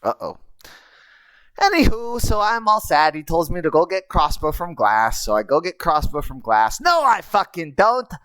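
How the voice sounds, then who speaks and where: Low, animated woman in goblin-speak. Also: normal speed, no echo. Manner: broken goblin-style speech; animated, swooping voice. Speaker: storyteller. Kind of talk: in-character storytelling.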